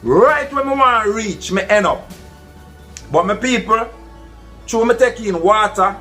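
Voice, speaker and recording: High-voiced Jamaican man telling a story. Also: pushed and bright. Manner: earnest, addresses listeners as "my people". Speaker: vlogger. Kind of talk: casual first-person storytelling.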